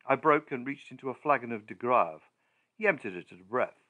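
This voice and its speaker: Over narrow, tinny audio, a male audiobook narrator with a mid-pitched voice reads a gothic tale expressively. He goes at an unhurried, deliberate pace, shaping and pacing each sentence with care.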